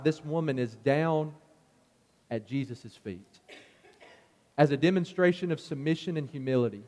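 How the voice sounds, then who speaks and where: Male preacher, sermon, high pitched, earnest, builds to emphatic peaks, reverberant church hall. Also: a little mellow. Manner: earnest, builds in pitch and force on key points.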